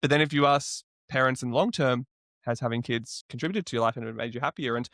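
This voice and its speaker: A man's voice: mid-range voice, quick pace, fairly bright tone, dry recording, studio quality. A young man hosting a podcast, thinking aloud in a reflective way with fillers, then asking his guest questions. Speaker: podcast host. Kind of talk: podcast conversation.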